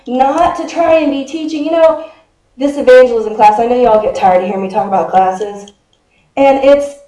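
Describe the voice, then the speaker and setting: A woman pastor in her fifties preaches in a loose, chatty way, tossing questions to her congregation. Her voice sits high but has a mellow tone. The sound rings around an echoey church sanctuary. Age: 50s. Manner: chatty, quizzes the congregation, laughs often. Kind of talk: conversational sermon.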